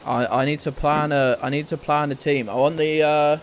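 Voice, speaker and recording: A man's voice: fairly high pitch, fairly even intonation, normal speed, a little hiss or hum. A man chatting casually and swearing as he streams a game to his viewers. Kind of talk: casual live-stream chat.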